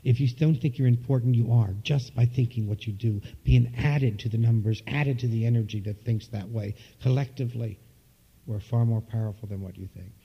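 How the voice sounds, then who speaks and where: Man, minister, sermon, reflective and soft-spoken, husky voice, dull lo-fi recording. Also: mid-range voice, moderate pace.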